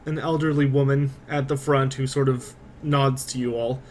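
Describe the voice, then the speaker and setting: A man narrating a tabletop game as game master, quick and descriptive, with frequent fillers. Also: medium pitch, steady tone, slight background noise.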